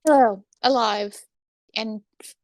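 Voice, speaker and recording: Woman player in character, blunt, kinda high voice, dry sound. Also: fairly even intonation, takes it slowly, no echo. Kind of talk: in-character roleplay.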